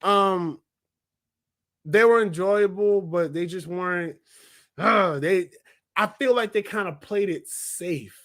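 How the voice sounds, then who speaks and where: Talking slowly and pausing often, a high-voiced young man gives a casual spoken movie review. He wanders between points, piling up fillers like "like" and restarting himself, and his excitement shows when he covers what he liked.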